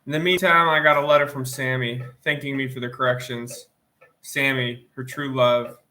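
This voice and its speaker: A man reading a novel aloud in plain, steady first-person narration, sniffling from allergies. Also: medium pitch, normal speed, a little hiss or hum. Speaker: audiobook reader.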